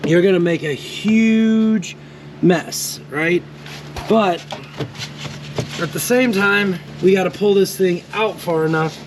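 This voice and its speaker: A laid-back man with a fairly high voice talks through a car repair step by step, cursing casually as he works. He is recorded on a camera mic in a garage. Clear workshop and vehicle noise runs behind him. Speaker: DIY car repair host. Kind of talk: casual how-to walkthrough.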